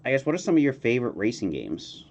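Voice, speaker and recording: A man hosting a casual streamed interview, relaxed and halting, reading questions from chat. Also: medium pitch. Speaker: podcast host.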